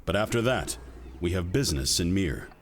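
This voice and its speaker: An actor playing a terse guard captain in a board game's story app. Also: male voice, sits low, lively intonation, normal speed, a little hiss or hum. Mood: curt.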